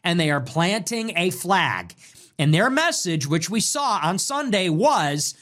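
A man's voice: sits high, big pitch swings, a little slow, a bit bright. A man delivering a scornful, mocking rant as a political commentator, hammering points through repetition. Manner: contemptuous, mocking, emphatic repetition. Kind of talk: ranting monologue.

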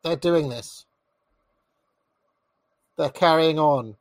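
A man's voice: on the high side, a little slow, no room sound. A man hosting a live political stream, reading out posts and mocking them sardonically.

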